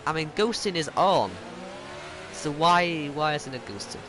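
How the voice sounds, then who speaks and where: Racing car engines from the game hum behind a man with a high-leaning, expressive voice. Unhurried, he commentates live on his own online race, exasperated and poking fun at himself as things go wrong around him.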